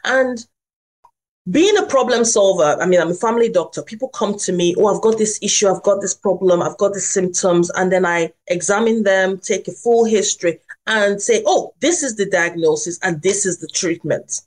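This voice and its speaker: A woman who is a family doctor and parenting coach, speaking reflectively in a podcast and telling a personal story with pauses. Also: mid-range voice.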